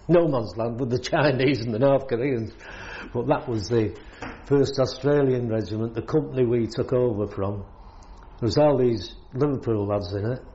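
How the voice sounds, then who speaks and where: Older British man reminiscing, mellow voice. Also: medium pitch, lo-fi sound. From Britain. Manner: rambling, chuckles often while telling. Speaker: war veteran recounting service. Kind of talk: oral history storytelling.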